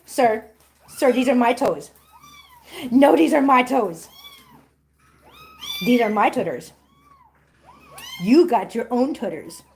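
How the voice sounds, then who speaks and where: A woman's voice: fairly high pitch, takes it slowly, long pauses, a little mellow, slight background noise. A middle-aged woman hosting a casual livestream, chatting to viewers and cooing baby talk at her kittens. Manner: answers viewer comments aloud. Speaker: livestream host with cats.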